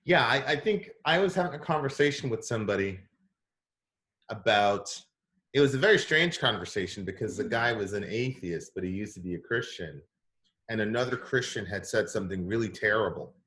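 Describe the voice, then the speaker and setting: A man's voice: lowish voice, expressive, brisk, fairly bright tone. A man hosting a casual interview over a video call, chatty and easygoing, laughing often. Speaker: host.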